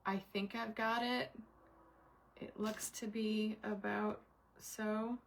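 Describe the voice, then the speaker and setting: A woman's voice: medium pitch, little pitch movement, slow pace, gravelly, slight background noise. A middle-aged woman hosting a craft livestream, chatting with viewers by name while she works and muttering to herself as she concentrates. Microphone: camera mic at desk.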